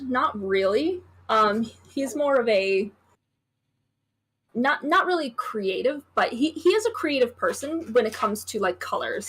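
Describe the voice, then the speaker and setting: A woman's voice: fairly high pitch, a bit bright, slight background noise. A woman who is an artist, a guest on a casual stream, talking in an easygoing, rambling way with many fillers.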